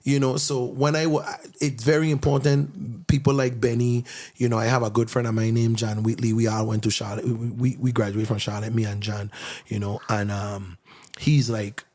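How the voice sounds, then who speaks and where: A man's voice: medium pitch, normal speed. A man from the Virgin Islands with a Virgin Islands accent, a songwriter chatting as a podcast guest and acting out other people's voices as he tells stories. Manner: animated storytelling, acts out voices of others. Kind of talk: casual chat.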